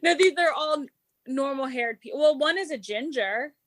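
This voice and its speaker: A woman's voice: sits high, expressive, moderate pace, dry recording. A young woman hosting a podcast, telling stories in casual chat with frequent giggles. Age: young adult. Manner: chatty storyteller, giggly, Southern "y'all". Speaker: podcast host.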